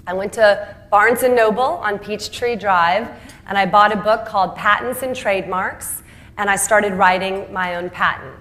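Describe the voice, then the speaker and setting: A middle-aged woman telling her founder story as a lively speech, acting out the voices of people she quotes and laughing often. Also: mid-range voice. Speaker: entrepreneur and speaker.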